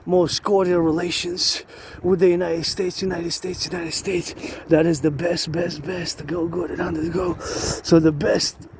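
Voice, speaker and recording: A man from Quebec talks to his camera outdoors, looping phrases into a steady chant. His voice sits fairly high for a man. Clear traffic and vehicle noise runs underneath. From Quebec, Canada. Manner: repetitive, chanting phrases over and over. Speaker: vlogger. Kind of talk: rambling outdoor monologue.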